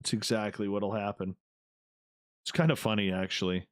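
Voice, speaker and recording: Man, radio host, casual rambling chat, smooth clear voice, dry close sound. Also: on the low side, fairly even intonation, normal speed, pauses often, no echo. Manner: loose, rambling, talks to himself while working. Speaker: online radio show host. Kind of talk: casual chat reading live viewer comments.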